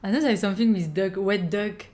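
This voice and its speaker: A woman's voice: medium pitch, a little fast, a little mellow. A woman co-hosting a podcast, speaking as an in a tentative, unsure way. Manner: tentative, unsure phrasing in non-native English. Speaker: podcast co-host.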